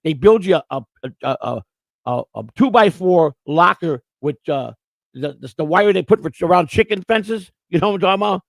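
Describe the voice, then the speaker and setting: Gravelly, rambling man telling stories. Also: high voice, animated, normal speed, no room sound, poor audio. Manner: rambling storyteller, repeats words. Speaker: co-host. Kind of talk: casual livestream chat.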